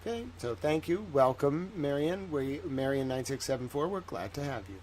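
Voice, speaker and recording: Male streamer, Southern accent, slightly high, casual and sarcastic. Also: animated, moderate pace, a little mellow, a little hiss or hum. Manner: chatty, sarcastic, talks to chat by name. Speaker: livestream host. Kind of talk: casual livestream chat.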